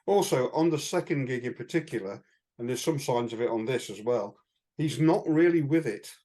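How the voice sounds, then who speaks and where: A man co-hosting a podcast and spinning anecdotes in a loose, chatty way. His voice sits at an ordinary middle pitch. He rambles through "um"s and restarts and chuckles at his own stories. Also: moderate pace, mellow. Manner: chatty anecdotal storytelling with frequent fillers and chuckles. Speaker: podcast co-host. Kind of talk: casual chat.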